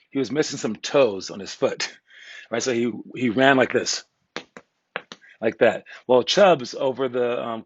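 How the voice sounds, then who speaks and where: A man's voice: mid-range voice, no room sound, dull audio. A young man coaching basketball, telling a motivational story in a rambling, casual way with many fillers and restarts. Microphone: earbud headset mic.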